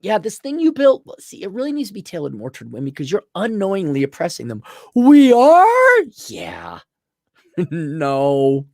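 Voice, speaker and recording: A man's voice: fairly high pitch, sing-song, a little fast, creaky, warm tone, dry recording, clean studio sound. A middle-aged man hosting a casual opinion podcast, talking in a sarcastic way and jumping into mocking voices. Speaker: podcast host.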